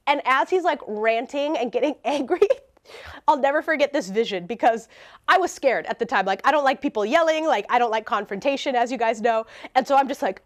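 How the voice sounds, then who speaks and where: A woman telling a storytime vlog, animated and laughing as she talks. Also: high voice, fairly quick. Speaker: vlogger.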